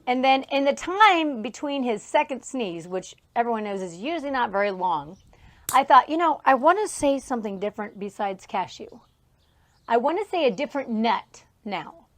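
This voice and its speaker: A woman's voice: on the high side, lively intonation, moderate pace. A woman in her thirties hosting a casual podcast, telling rambling stories with frequent laughter, recorded outdoors on a farm. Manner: chatty, laughs often, rambling asides. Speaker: podcast host. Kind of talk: casual solo podcast storytelling. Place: outdoors near a horse trailer on a farm.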